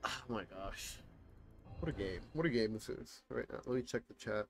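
A man's voice: mid-range voice, animated, moderate pace, vocal fry, faint music behind. A young man streaming a co-op game live, reacting in exasperation to his partner and reading his chat. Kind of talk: live gameplay commentary.

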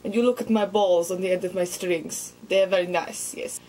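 A woman's voice: lowish voice, fairly even intonation, fairly quick, darkish tone, pitched below the performer's own voice, close to an everyday voice, low-quality recording. A woman voicing a stereotypical Russian vodka drinker in broken, heavily accented English for a comedy vlog. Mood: jovial.

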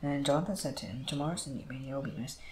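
A man reading scripture aloud, moving quickly and often stumbling over words and starting lines again. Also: mid-range voice, a little hiss or hum, poor audio. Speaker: Bible reader.

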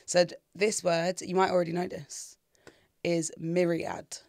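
A young adult man with an English accent, co-hosting a casual podcast chat, animated and quick to laugh. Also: high voice, creaky, dry recording, clean studio sound. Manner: laughs often, animated and chatty. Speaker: podcast co-host.

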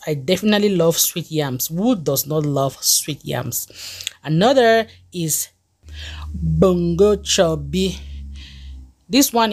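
A young woman with a Cameroonian accent, presenting a list of dishes in a chatty, enthusiastic way. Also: fairly low pitch. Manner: enthusiastic, chatty, laughs easily. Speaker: food vlogger.

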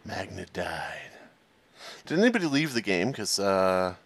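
A man's voice: low-pitched, very animated, unhurried, gravelly. A man joking wryly with friends during an online game. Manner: wry, teasing jokes. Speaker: gamer. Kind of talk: casual gaming chat.

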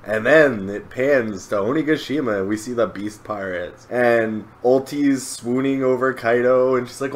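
Guy co-hosting a podcast, animated casual recap, acts out lines. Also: mid-range voice, normal speed, hardly any pauses. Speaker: podcast co-host. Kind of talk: casual chat recapping a comic chapter.

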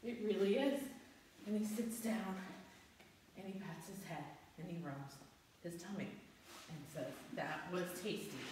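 A woman leading a children's story-based yoga class at home, telling the tale gently and calling out poses. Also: medium pitch, slight background noise. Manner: slow, gentle, storytelling with cues and sound effects. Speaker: kids yoga teacher. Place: room at home with a dog. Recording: echoey room from far off.

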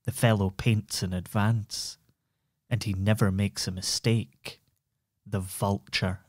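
A man's voice: fairly low pitch, level tone, takes it slowly, a little mellow, no room sound, studio quality. A man doing a growling, scornful innkeeper. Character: surly grumbling male innkeeper.

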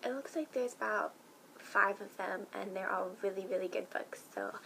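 A young woman excitedly chatting in a casual vlog, gushing about things she loves with lots of fillers. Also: medium pitch, normal speed, vocal fry, a little hiss or hum, low-quality recording. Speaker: book vlogger.

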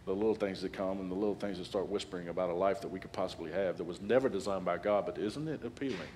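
A man in his forties preaching a sermon as a guest speaker, animated and humorous, building to loud peaks. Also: deep voice, very fast, a little hiss or hum. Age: 40s.

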